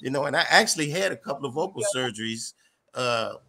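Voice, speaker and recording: A male comedian talking loudly and animatedly as a guest in a casual interview chat. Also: mid-range voice, quick pace, vocal fry. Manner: loud, animated storyteller.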